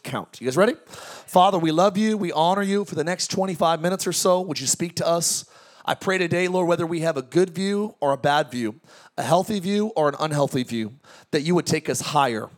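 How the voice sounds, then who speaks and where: A man preaching a lively sermon to his congregation, joking and calling out questions to the crowd. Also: a little high. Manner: energetic, joking preaching with audience call-outs. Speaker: pastor. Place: large tent church.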